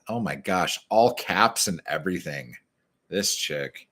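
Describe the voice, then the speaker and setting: A man with a very low voice chats with his stream viewers from a dim room at home and then reads his own poetry. He swears freely and takes his time, drawing the lines out slowly. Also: lively intonation, a bit bright. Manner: profane, chatty, slow deliberate reading. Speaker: poet reading his work on a livestream. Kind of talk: casual livestream chat and poetry reading.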